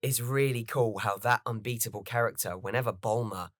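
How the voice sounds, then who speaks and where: A man hosting a podcast, chatting casually and excitedly as a fan, swearing freely. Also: on the low side, a little fast, dry recording, studio quality. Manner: animated, swearing, fan enthusiasm. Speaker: podcast host. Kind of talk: casual chat.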